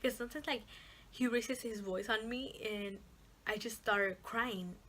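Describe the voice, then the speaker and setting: A woman's voice: on the high side, measured pace, fairly bright tone, slight background noise. A young woman talking casually to camera as a vlogger, rambling with lots of fillers and the odd swear word.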